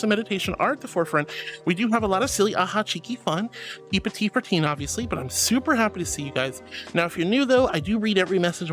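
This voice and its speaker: Young guy streaming, high voice that swings all over, super affectionate, honey and sweetie to everyone, soft music under it. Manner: affectionate, theatrical, calls viewers honey and sweetie. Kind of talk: casual livestream chat, reading chat messages.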